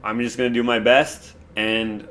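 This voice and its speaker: A man from Canada co-hosting a casual talk show, telling a story step by step in a relaxed way. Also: medium pitch, normal speed, slight background noise. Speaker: co-host. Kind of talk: casual chat.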